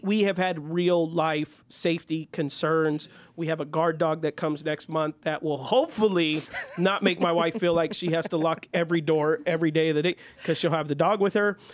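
A young adult man co-hosting a podcast, telling stories in a lively way and laughing often. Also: on the high side, no room sound. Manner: animated storyteller, laughs often. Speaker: podcast co-host. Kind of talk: casual chat.

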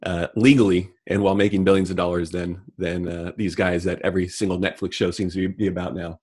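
A middle-aged man co-hosting a casual comedic chat, delivering deadpan mock rants. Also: low-pitched, quick pace, slightly rough. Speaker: podcast co-host.

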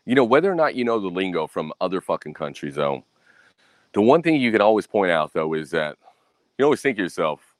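A man's voice: low-pitched, very animated, a little fast, dry recording. An American man telling a story in a blunt, profane rant, keeping up a "right?" after his points. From United States. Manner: keeps asking "right?". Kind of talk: casual profane monologue.

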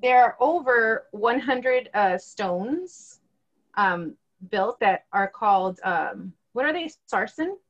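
An American woman shares facts in a relaxed podcast chat. She is talkative and laughs a lot, and her voice sits on the higher side. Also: takes it slowly, lo-fi sound. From United States. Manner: laughs often, chatty.

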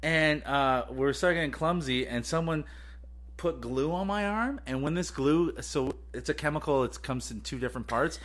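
A man's voice: fairly high pitch, normal speed, fairly bright tone. A man co-hosting a podcast, telling stories in loose, profane casual chat. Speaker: podcast co-host.

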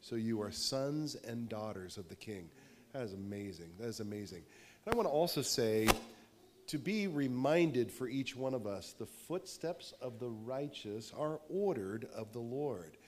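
A man's voice: mid-range voice, animated, measured pace, darkish tone, a little hiss or hum. Pastor host, man, sermon-style exhortation, repeats phrases in preacher's cadence.

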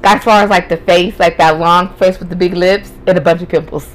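A woman's voice: on the low side, fairly even intonation, moderate pace, faint music behind, rough recording. A young woman tells her own story on a podcast in a loose, conversational way. She is blunt and profane and breaks into laughter often. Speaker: podcast host. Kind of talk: casual storytelling.

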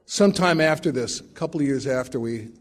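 A man's voice: medium pitch, a little fast. A middle-aged man sharing his recovery story at a meeting, with wry, self-mocking humor.

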